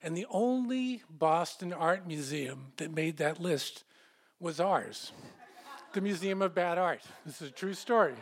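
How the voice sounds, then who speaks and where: A man's voice: fairly high pitch, lively intonation, unhurried. A middle-aged man telling a story live on stage, wry and self-mocking. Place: small hall in front of a live audience.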